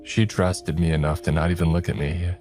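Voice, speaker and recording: Very deep-voiced man narrating horror. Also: flat delivery, a little fast, darkish tone, soft background music. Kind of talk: first-person horror narration.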